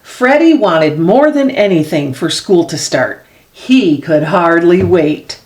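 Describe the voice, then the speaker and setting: A woman reading a children's picture book aloud as a storyteller, expressive and unhurried, dropping low for the grown-ups. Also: roomy sound. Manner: slow expressive read-aloud with lively swings; drops low and soft for the grown-ups' voices.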